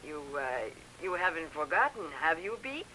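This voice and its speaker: An actress playing a wife who puts on a phony foreign accent to pose as a coy old flame, in 1950s TV drama style. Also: female voice, mid-range voice, big pitch swings, normal speed, sharp tone, a little hiss or hum, poor audio. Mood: sultry teasing.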